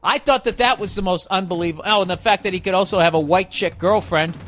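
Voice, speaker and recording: Casting: male comic, voice a touch high, swearing constantly, sarcastic rant with faint music underneath. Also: fast, fairly bright tone. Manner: heavily profane, sarcastic ranting. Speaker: comedian podcaster. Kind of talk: comedic rant. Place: hot indoor room.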